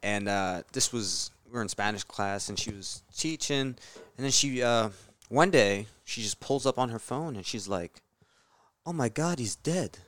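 Animated man from New Jersey guesting. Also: lowish voice, normal speed, smooth, no echo. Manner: animated storyteller, says dude and bro. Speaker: podcast guest. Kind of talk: casual chat.

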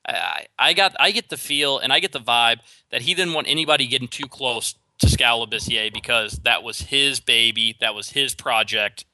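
Male sports talk host, opinionated and quick, stumbling over restarts, crisp dry booth sound. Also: medium pitch, pushed and bright, dry recording. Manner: opinionated, rapid with frequent restarts. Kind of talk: solo sports talk commentary.

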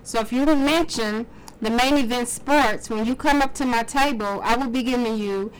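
A woman's voice: a little high, normal speed, smooth, rough recording. A woman entrepreneur, a guest on a sports talk show, talking up her upcoming event in a chatty, sassy way. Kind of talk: casual interview.

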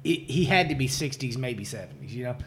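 A man's voice: mid-range voice, expressive, fairly quick, a little hiss or hum. A man casually telling stories on a podcast, loose and profane, laughing often and saying "like" and "dude" a lot. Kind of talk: casual storytelling chat.

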